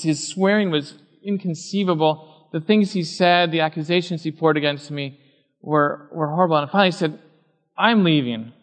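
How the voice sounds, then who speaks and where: A man's voice: a little high, fairly bright tone, in a large hall. A man preaching a sermon as a pastor, telling a personal story and acting out the voices of the people in it.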